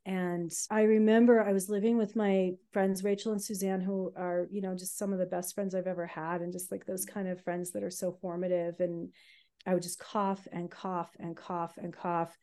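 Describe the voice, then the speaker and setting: A woman telling her own life story on a podcast, candid and halting, with many fillers. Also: on the low side, little pitch movement, warm tone.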